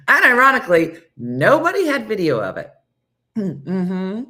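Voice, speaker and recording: A woman's voice: mid-range voice, wildly swooping pitch, a little slow, long pauses, pushed and bright. A woman hosting a live morning show, telling stories in a chatty way, acting out quotes and answering viewers by name. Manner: chatty storytelling, acts out quotes, laughs often. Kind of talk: casual live-stream chat reading comments.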